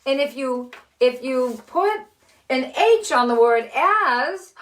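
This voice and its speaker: An older woman with six grandchildren, teaching letter sounds to children in a slow, cheerful, encouraging way from her living room. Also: high voice, expressive. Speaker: children's story host. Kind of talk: phonics lesson and read-aloud for children.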